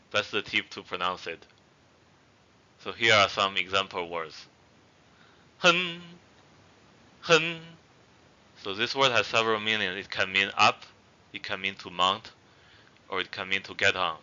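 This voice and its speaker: A man slowly teaching words in a language lesson, saying each word twice before explaining what it means. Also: low voice, pushed and bright. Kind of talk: slow spoken language lesson. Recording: dull lo-fi recording.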